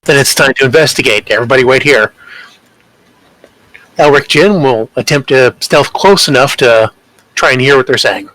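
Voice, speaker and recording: A man's voice: medium pitch, moderate pace, pauses often, a bit bright, dry recording, rough recording. A man playing a tabletop game, speaking politely and confidently in character. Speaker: player.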